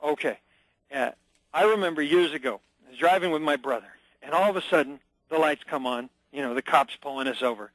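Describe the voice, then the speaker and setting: A man's voice: a little high, brisk, fairly bright tone, no echo, poor audio. A man as a radio show guest, talking with energy and emphasis, acting out short scenes as he explains. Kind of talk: phone-in radio interview.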